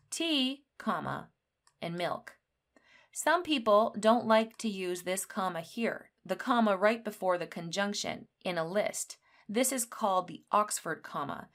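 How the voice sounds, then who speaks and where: A woman teaching an English grammar lesson, explaining rules slowly and clearly and reading example sentences with lively emphasis. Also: mid-range voice.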